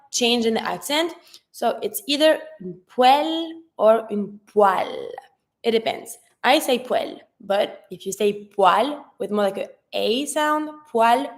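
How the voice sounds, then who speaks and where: French woman teaching slow vocabulary drills. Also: a little high. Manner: slow, careful pronunciation drills, switching between English and French. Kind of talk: online vocabulary lesson.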